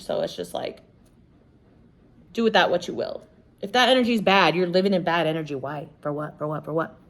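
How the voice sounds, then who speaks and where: A woman hosting a podcast, talking in a casual monologue that is blunt and emphatic, with lots of swearing and "like" and "you know". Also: a little high. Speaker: podcast host.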